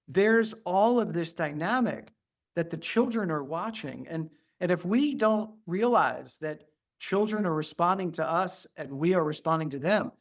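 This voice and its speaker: Middle-aged man, pediatrician guest, earnest, a touch higher pitched, drops to soft soothing asides. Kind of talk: conversational interview.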